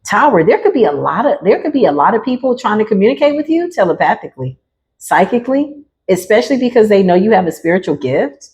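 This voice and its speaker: A woman's voice: mid-range voice, very animated, quick pace, a little mellow. A woman giving a casual, playful tarot reading straight to her viewers, laughing often and talking in slang. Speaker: tarot reader.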